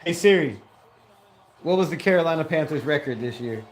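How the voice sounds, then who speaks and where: Excitable man calling a game play-by-play. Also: a little high, fairly quick. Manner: excitable calls that jump to loud shouts on big plays; loose and profane, chatting and laughing between plays. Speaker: streamer doing watch-party play-by-play. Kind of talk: casual live play-by-play commentary.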